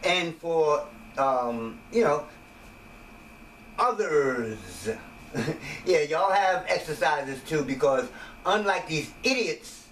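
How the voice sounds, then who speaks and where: A man's voice: a little high, expressive, takes it slowly, long pauses, fairly bright tone. A man giving a rambling, jokey casual monologue about his wellness system, slipping into voices now and then. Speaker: self-made wellness teacher. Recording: echoey room, mic at a distance, faint noise.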